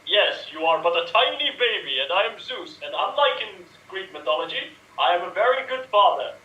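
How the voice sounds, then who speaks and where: An improv performer, a man, playing a proud, fatherly god in a quick comedy scene. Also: high-pitched, animated, pushed and bright, roomy sound, distant mic, lo-fi sound. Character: Zeus, booming proud male god.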